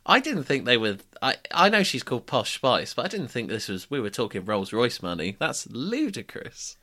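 A man's voice: medium pitch, very animated, normal speed, bright, forceful tone. A man co-hosting a podcast, telling anecdotes in a joking, chatty way and laughing often. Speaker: podcast co-host. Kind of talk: casual chat.

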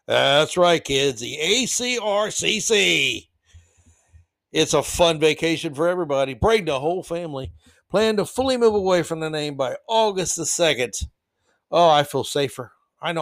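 A man hosting a solo opinion podcast, sarcastic and mocking, swinging from low mutters to loud jabs. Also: lively intonation, normal speed, vocal fry, dry recording. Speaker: podcast host.

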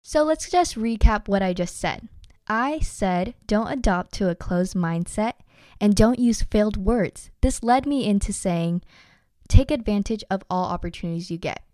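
Earnest young woman podcaster, smooth clear voice. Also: mid-range voice, lively intonation, unhurried, mellow, no echo, studio quality. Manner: earnest, encouraging, addresses listeners as guys. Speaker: podcast host. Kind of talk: motivational podcast monologue.

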